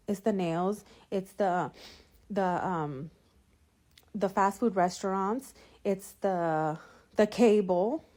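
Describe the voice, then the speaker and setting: A mother telling an animated, profanity-filled story about her day, rambling with lots of fillers like "whatever" and "you know.". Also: medium pitch. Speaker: mother venting in a clip. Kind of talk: ranting storytime. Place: California.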